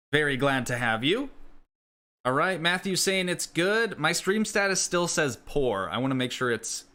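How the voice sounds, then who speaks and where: Male streamer, relaxed gameplay commentary, rambles and reads chat, bright edge to the voice. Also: mid-range voice. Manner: chatty, rambling, answers chat questions. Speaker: live streamer.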